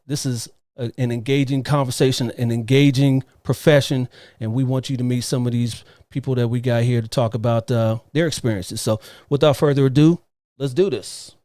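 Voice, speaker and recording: Male live-show host on a video call, mid-pitched, chatty, repeats himself. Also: darkish tone, no echo, clean studio sound. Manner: upbeat, repeats phrases, loose filler. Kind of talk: live online interview show.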